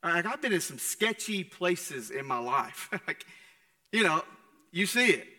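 A young adult man preaching a sermon in a conversational way, moving between loud and hushed passages. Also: high voice, very animated, unhurried, in a large hall. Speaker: pastor. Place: church sanctuary.

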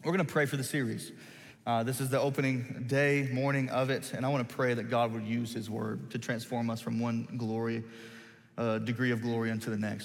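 Pastor preaching in an echoing hall. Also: male voice, mid-range voice, little pitch movement, brisk, gravelly. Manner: folksy, self-deprecating storytelling. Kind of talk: sermon with personal story.

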